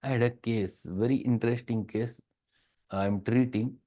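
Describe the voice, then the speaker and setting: A man's voice: medium pitch, fairly even intonation, moderate pace. A man with a Marathi-tinged Indian English accent gives a classroom lecture, stressing and repeating key words. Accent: Marathi-influenced Indian English. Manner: emphatic, repeats key words, acts out patients' soft replies.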